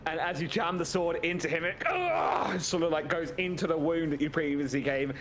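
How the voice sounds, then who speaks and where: A man narrating a tabletop game as game master in an animated, playful way. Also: fairly high pitch, normal speed, a little hiss or hum.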